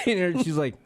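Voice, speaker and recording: A man's voice: very high-pitched, gravelly, background noise. A man co-hosting a radio chat show, joking around and acting out silly voices and noises. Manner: jokey, acts out silly voices and sound effects. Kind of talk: casual comedic chat. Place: radio studio.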